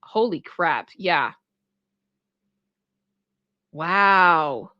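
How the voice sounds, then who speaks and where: A woman hosting casual reaction commentary, chatty and expressive and quick to laugh. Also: on the low side, dry recording, lo-fi sound. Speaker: pop culture reaction host.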